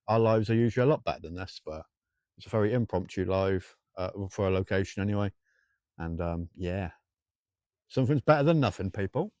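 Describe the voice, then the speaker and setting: A ghost-hunting streamer talks live to viewers at night beside old railway tracks, rambling, cracking jokes and greeting people by name. He has a low, dark male voice and a sore, dry throat, captured in a dry recording.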